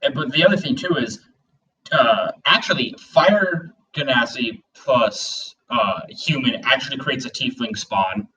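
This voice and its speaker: A man's voice: mid-range voice, expressive, a little slow, sharp tone, far from the mic, slight background noise, rough recording. A man co-hosting a casual world-building chat, rambling with lots of fillers and acting out little bits. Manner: rambling, full of "like" and "you know", acts out bits. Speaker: podcast co-host.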